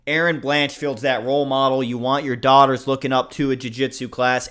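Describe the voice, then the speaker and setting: A man's voice: medium pitch, flat delivery, fairly quick, hardly any pauses, fairly bright tone, clear, resonant tone. Rambling blunt man making fight picks. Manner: rambling, blunt, swears, jokes at himself. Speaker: host giving fight predictions. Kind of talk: casual commentary.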